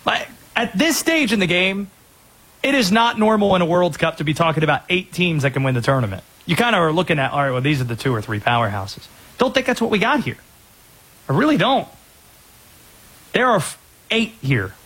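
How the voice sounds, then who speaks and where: A man hosting a sports talk show, giving energetic, opinionated rundowns of players and teams. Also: high voice, moderate pace, husky.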